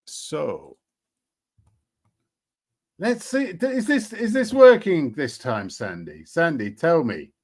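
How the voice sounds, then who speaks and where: A man's voice: a little high, sing-song, slow, pauses often, a little mellow. A man hosting a casual commentary show, sarcastic and rambling, with frequent hesitations. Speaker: host.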